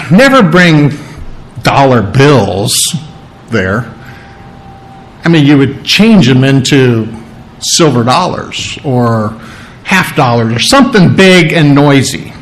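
Male preacher, conversational sermon, chatty, slightly high voice, mimics sounds. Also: fairly bright tone, rough recording. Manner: chatty, mimics coin sounds, checks in with the listeners.

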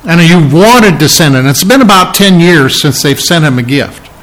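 A man preaching a sermon as pastor, talking in a conversational way with restarts and fillers, reading and explaining Bible verses and rising in pitch for emphasis. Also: lively intonation, moderate pace, a bit bright, low-quality recording.

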